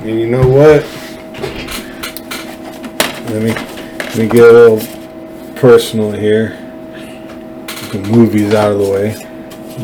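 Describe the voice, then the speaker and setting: A man's voice: lowish voice, little pitch movement, takes it slowly, long pauses, warm tone, slight background noise, low-quality recording. A man hosting a political podcast, rambling and sarcastic, with many fillers and restarts.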